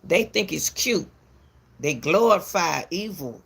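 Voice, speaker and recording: A woman's voice: on the low side, animated, takes it slowly, creaky, husky. A woman giving casual commentary to the camera, emphatic and repetitive, lecturing parents and calling viewers "baby", often stumbling and restarting her words. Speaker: commentary channel host.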